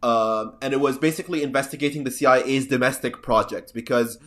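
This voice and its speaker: A man's voice: mid-range voice, fast talker, fairly bright tone. A man hosting a podcast in casual chat, sardonic and rambling. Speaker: podcast host.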